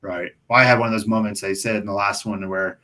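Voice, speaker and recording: A man who cleans windows, co-hosting a podcast in relaxed casual chat and asking his partner questions. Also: fairly low pitch, quick pace. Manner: relaxed, asks questions, laughs along.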